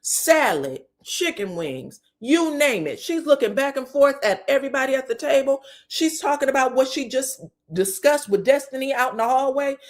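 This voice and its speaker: A woman's voice: sits high, normal speed. Sassy woman recapping reality TV. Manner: animated, profane, sassy storytelling with laughter. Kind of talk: casual commentary recap.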